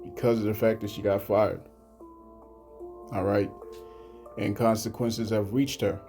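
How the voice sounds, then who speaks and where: A man giving a religious commentary, speaking haltingly and often repeating "you know what I'm saying" between points. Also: fairly low pitch, little pitch movement, warm tone, soft background music. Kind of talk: scripture commentary vlog.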